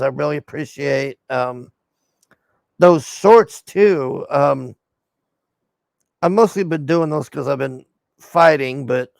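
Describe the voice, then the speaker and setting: A man's voice: a little high, vocal fry, dry recording. A male streamer and show host chatting casually to his viewers in a rambling, laid-back way, with lots of fillers and some swearing.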